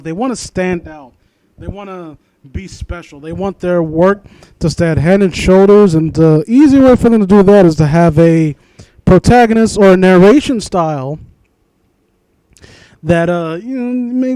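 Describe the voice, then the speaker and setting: A man's voice: fairly high pitch, mellow. Sarcastic, foul-mouthed male ranter. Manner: sarcastic, profane ranting. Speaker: host. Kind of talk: mocking comedic reading of fan fiction.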